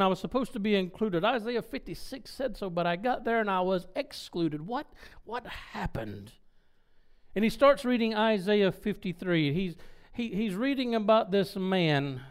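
A man's voice: high voice, smooth. A man preaching, retelling a scripture story with voiced dialogue and chuckling asides. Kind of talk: sermon storytelling.

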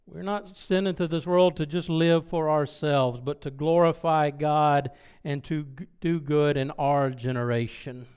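Preacher, male, storytelling sermon with acted-out quotes, smooth higher voice. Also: unhurried, hardly any pauses. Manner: animated storytelling with quoted dialogue; loud when excited.

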